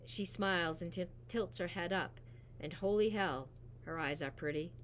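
A woman reading a novel aloud in a steady, even narration. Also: fairly low pitch, moderate pace, slight background noise. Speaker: reader. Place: school library.

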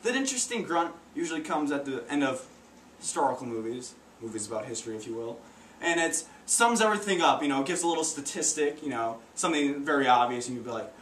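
Performing amateur stand-up, a teenage boy keeps tripping over his words and starting lines again, sounding awkward. His voice is medium-pitched and fairly bright, heard from a distance in a roomy space with faint noise.

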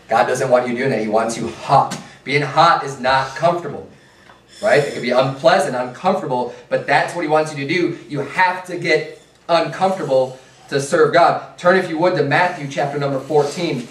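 A man's voice: on the high side, normal speed, a little hiss or hum. A man preaching a conversational sermon, casual and full of rhetorical asides. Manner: casual, repeats rhetorical "right?" and "hey". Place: church sanctuary. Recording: echoey church from a distance.

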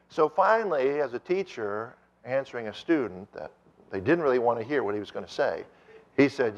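Male preacher, sermon, animated storytelling, middle pitch, muffled lo-fi recording. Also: brisk. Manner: animated storytelling, with rising emphasis.

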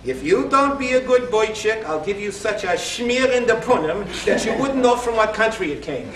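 A man voicing an excitable old Jewish grandmother who exclaims and scolds in a Yiddish-inflected way. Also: sits high, normal speed, reverberant, far from the mic, background noise, voice pushed up. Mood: scolding. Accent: Yiddish-inflected English.

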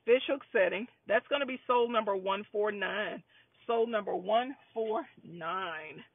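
A woman's voice: mid-range voice, unhurried. A woman running a live jewelry sales stream, chatty and upbeat, calling out lot numbers over and over. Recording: dry, phone-like lo-fi sound.

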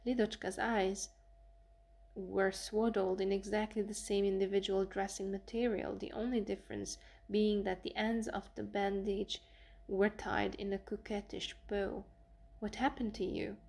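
Gravelly flat-voiced woman reading a novel. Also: mid-range voice, a little slow. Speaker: audiobook reader. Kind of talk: audiobook narration.

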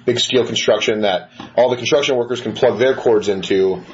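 A man's voice: medium pitch, a little fast. A man co-hosting a podcast, telling a rambling, profane story in casual chat. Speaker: podcast co-host. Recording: muffled lo-fi recording with faint hiss.

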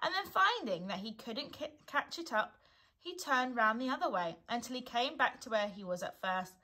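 A woman, a primary school teacher, reading a children's storybook aloud in a gentle, unhurried way. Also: fairly high pitch, lively intonation.

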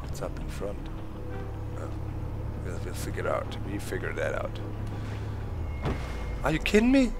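A man's voice: sits low, huge pitch swings, unhurried, long pauses, music in the background. A man whose first language is German, commentating his gameplay live and swearing in frustrated outbursts at the game. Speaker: gaming video host.

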